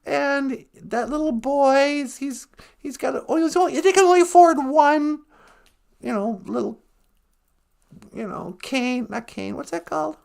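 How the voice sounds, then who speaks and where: A woman telling a comic story on a podcast, rambling and loose, often losing her word. Her voice is high and carries a gravelly creak. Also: animated, measured pace, a little mellow. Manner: rambling, laughing, loose retelling. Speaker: podcast host.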